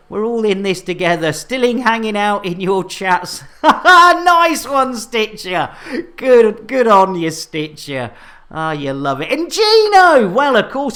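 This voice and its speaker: A man's voice: high voice, fairly bright tone. Male streamer, cheeky and chatty, playful live gameplay commentary. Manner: jokey, innuendo-laden, chatty with viewers. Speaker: game streamer.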